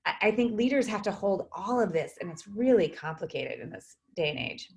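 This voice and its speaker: A woman's voice: medium pitch, lively intonation, a little fast. A woman psychologist, a guest in a video interview, speaking thoughtfully with frequent fillers and restarts.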